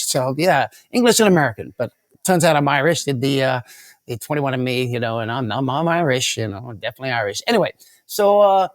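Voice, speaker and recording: A man's voice: medium pitch, animated, brisk, no echo, clean studio sound. A man as an interview guest, telling rambling stories with many restarts and repeated words. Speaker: guest mentalist. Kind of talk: storytelling interview answers.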